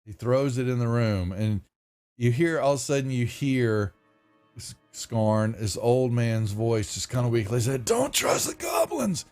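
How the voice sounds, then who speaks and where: A man's voice: mid-range voice, steady tone, a little slow, warm tone, clear, resonant tone, soft background music. Rambling male game master. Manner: rambling, self-interrupting, casual. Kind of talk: narrating a tabletop game online.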